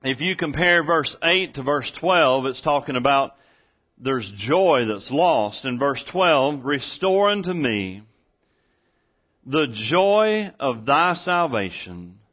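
A man's voice: mid-range voice, lively intonation, takes it slowly. A man preaching a sermon in a church, earnest and repetitive, often restarting his sentences. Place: church room with congregation. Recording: dull lo-fi sermon recording.

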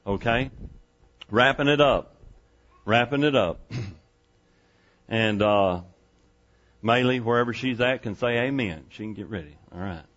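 Folksy preacher man, muffled recording. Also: fairly low pitch. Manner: folksy, conversational preaching with rhetorical questions. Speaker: pastor. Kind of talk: sermon. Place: church sanctuary.

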